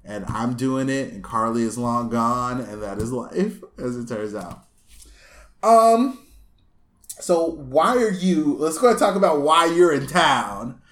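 A man hosting a casual chat, telling a long story with lively asides and laughs, recorded in his apartment. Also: medium pitch, slow. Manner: animated storyteller, acts out voices, laughs often. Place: small apartment room. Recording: echoey room.

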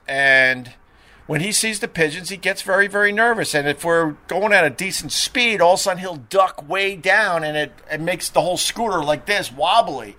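A middle-aged man with a bright, forceful voice pitched a bit high, hosting a live stream. He tells chatty, rambling anecdotes, full of "uh"s and restarts. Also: moderate pace. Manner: chatty, animated anecdotes with frequent fillers and restarts. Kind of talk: casual rambling storytelling.

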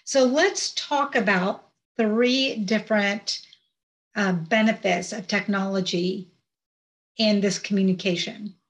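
Woman, interview host, medium pitch, measured delivery, introduces topics. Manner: measured, leads topics with short summaries. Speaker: podcast host. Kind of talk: interview hosting.

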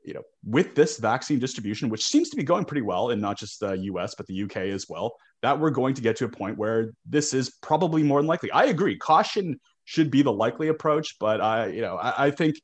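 A man's voice: mid-range voice, very animated, brisk, hardly any pauses. A man co-hosting a sports podcast, talking casually and often stumbling over the first words of his sentences. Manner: talkative, repeats words when starting sentences. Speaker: podcast co-host.

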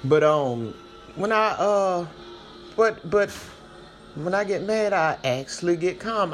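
A woman hosting a podcast, giving casual commentary in an animated, slangy, chatty way, her voice swinging between loud and soft. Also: on the low side, takes it slowly, pauses often, soft background music. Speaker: podcast host.

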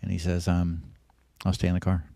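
A man's voice: low voice, completely flat delivery, a little fast, creaky, mellow, no echo. A middle-aged man, a podcast guest, telling rambling anecdotes in a casual way and acting out the voices of people he quotes.

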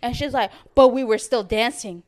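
A woman's voice: fairly high pitch, moderate pace. A young woman co-hosting a podcast, telling a story in a casual chat and acting out what people said, with some swearing. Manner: animated storytelling, acts out quotes, swears. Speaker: podcast co-host.

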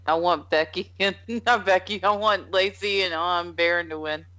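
A woman's voice: lowish voice, steady tone, moderate pace, fairly bright tone, highs cut off. A woman on a casual podcast panel, speaking with mischievous giggles.

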